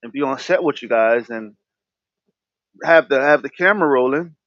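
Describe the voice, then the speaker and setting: A man's voice: medium pitch, normal speed, a bit bright, no room sound. A man hosting an interview show, rambling with many restarts and reacting with "wow.". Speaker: host. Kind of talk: casual interview. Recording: dry, dull lo-fi sound.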